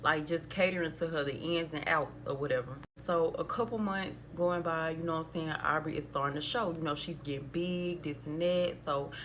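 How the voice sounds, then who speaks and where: A woman with a notably low voice tells a story like she's catching up with friends. She keeps calling out to her listeners and fills her talk with little asides. The storytelling stays loose and chatty throughout. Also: moderate pace, hardly any pauses, slight background noise. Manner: chatty, addresses listeners as y'all, many fillers. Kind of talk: casual storytime narration.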